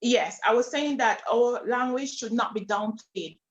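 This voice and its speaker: A woman with a fairly high voice makes her case as a panelist, earnest and emphatic. She is heard over a video call, so the sound is dull and lo-fi. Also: a little slow. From Montserrat. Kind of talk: panel discussion.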